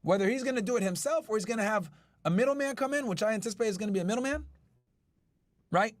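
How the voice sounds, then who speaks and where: Man, podcast host, high voice, dry close sound, brash, swears a lot, talks to chat. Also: quick pace, no echo. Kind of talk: casual chat reacting to news.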